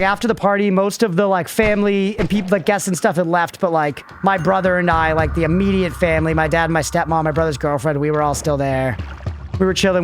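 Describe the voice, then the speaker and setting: A man's voice: fairly high pitch, a little hiss or hum. A man in his thirties streaming a game, rambling casually, laughing often and swearing to chat. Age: 30s. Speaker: livestreamer. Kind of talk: casual gaming commentary to chat.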